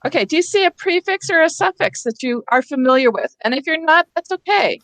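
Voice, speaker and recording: A woman's voice: high-pitched, lively intonation, a little fast, fairly bright tone, no echo. A woman leads teachers through a reading workshop over a video call, explaining patiently step by step.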